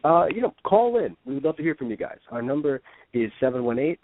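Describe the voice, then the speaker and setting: A man's voice: on the high side, very animated, quick pace, slight background noise. A man co-hosting a casual radio podcast, chatting in a loose, rambling way. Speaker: podcast co-host. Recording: dry phone-line sound.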